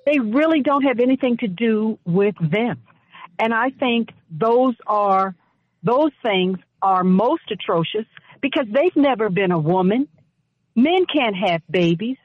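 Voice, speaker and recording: A woman on a radio talk show giving impassioned commentary and telling a personal story, speaking emphatically and deliberately, with repeated phrases. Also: medium pitch, no echo. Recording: dull lo-fi radio audio.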